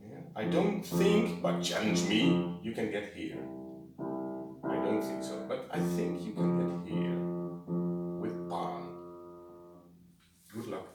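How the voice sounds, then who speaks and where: A man whose first language is Dutch gives an informal singing lesson. He talks haltingly, keeps demonstrating low sung tones and tags his sentences with a questioning "eh?". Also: expressive, over loud music. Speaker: vocal instructor. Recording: very echoey room, from a distance.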